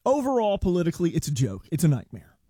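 A man's voice: a little high, huge pitch swings, fast, dark tone, slightly rough, no room sound, studio quality. A man co-hosting a talk radio show, wry and sarcastic, laughing at his own jokes in casual political banter. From United States.

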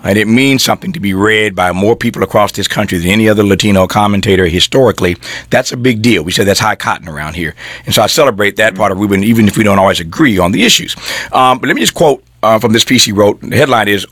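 A man's voice: fairly low pitch, fast talker, fairly bright tone, dry recording. A middle-aged man hosting a political talk show, reading quotes aloud with emphasis and adding folksy asides.

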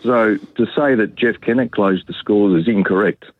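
An Australian man phones in to a talkback show and firmly sets the record straight. His voice is very low and husky, coming through a thin, dry phone line. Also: normal speed, no room sound. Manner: firm, correcting the record. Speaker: caller.

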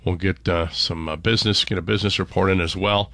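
A man's voice: sits low, steady tone, fast talker, gravelly, sharp tone, no echo. A man hosting a morning radio show, chatting casually, joking and reading station promos and headlines.

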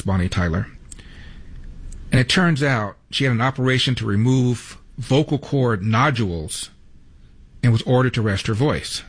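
A man's voice: medium pitch, slightly rough. A man hosting a talk radio show, delivering a monologue with wry, sarcastic asides from a studio microphone.

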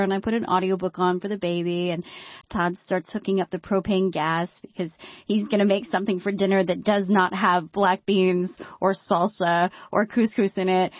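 A woman telling a personal story in a monologue, with wry, dry humor and dramatic hushed drops. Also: mid-range voice, dry recording, highs cut off.

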